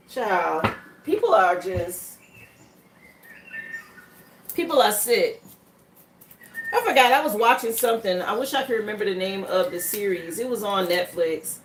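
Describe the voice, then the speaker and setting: A woman giving a live tarot reading in a chatty, rambling way, laughing between points. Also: fairly high pitch. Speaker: tarot reader. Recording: echoey room, faint background noise.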